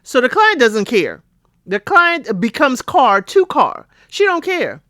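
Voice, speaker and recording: Speaking slowly in a high voice, a middle-aged woman recaps a TV episode on her podcast, performing characters' lines in quotes amid laughs and playful asides. The tone is casual and chatty, and the clean studio sound has no room ambience.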